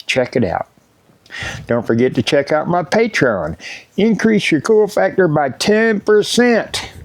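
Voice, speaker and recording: A man's voice: on the high side, very animated, unhurried, no room sound. A middle-aged man, talking casually to camera in a vlog with joking, folksy plugs, feeling a little unwell. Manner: joking, folksy, hypes merch and sponsors. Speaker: motorcycle YouTuber. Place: at home in front of set-up cameras.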